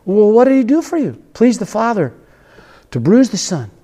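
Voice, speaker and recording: Impassioned high-voiced male preacher. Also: very animated, dark tone, slightly rough. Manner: impassioned, sings a hymn refrain; drawn-out emphatic phrases. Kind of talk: sermon.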